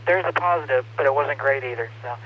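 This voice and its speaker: A man on an amateur radio net, chatting casually in a relaxed, hesitant way with many fillers. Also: medium pitch, quick pace. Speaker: ham radio net participant. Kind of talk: casual on-air chat over radio. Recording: muffled radio audio with loud static.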